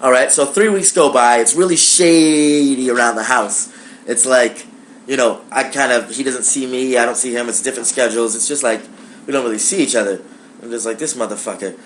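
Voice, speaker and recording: Young male vlogger, casual and profane, animated storytelling, mid pitch. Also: fairly quick, slight background noise. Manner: animated, profane, acts out dialogue. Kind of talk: casual personal storytelling to camera.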